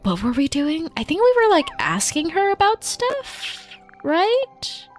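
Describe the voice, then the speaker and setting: A high-pitched young woman hosting a game stream. She chats with viewers in a playful, giggly way. Her talk stays casual and joking throughout. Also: huge pitch swings, unhurried, faint music behind. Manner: playful, giggly, switches between languages. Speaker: VTuber streamer. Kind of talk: casual live-stream chat.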